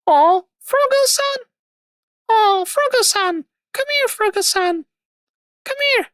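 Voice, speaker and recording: A woman voicing a sugary, clingy anime-style waifu girl in a high, gushing cutesy tone. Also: lively intonation, takes it slowly, a bit bright, no echo, studio quality, heavily acted.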